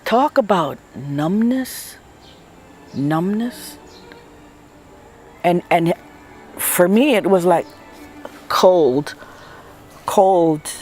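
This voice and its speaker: A woman's voice: lowish voice, lively intonation, very slow, pauses often, darkish tone. Older woman from Guam, oral history storyteller, emotional and reflective, faint music bed. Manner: emotional, reflective, repeats words for emphasis. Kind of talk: personal storytelling.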